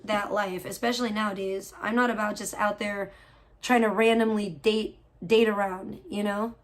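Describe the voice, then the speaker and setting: A woman's voice: mid-range voice, fairly even intonation, moderate pace. A woman hosting a livestream and chatting casually with viewers, outspoken and blunt, with a child of her own. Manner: outspoken, swears freely, reacts with loud disgust; chatty, full of fillers and questions to chat. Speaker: livestream host; parent of a young child. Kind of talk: casual chat reacting to viewers' messages.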